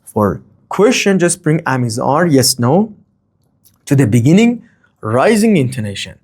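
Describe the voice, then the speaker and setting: Lively, rambling male English teacher. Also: mid-range voice, unhurried, breathy edge. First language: not English. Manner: lively, rambling, fond of "okay?" and "let's say". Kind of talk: grammar lesson.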